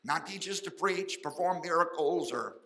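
Male pastor, folksy fervent sermon, bright tone. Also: fairly high pitch, moderate pace, creaky, rough recording. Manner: fervent, folksy preaching with sudden loud and soft swings.

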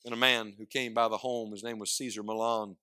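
Emphatic preacher man, bright voice. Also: on the low side, level tone, fairly quick, clear, resonant tone. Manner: emphatic, swings from loud declarations to hushed asides; asks the congregation questions and prompts replies. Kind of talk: sermon.

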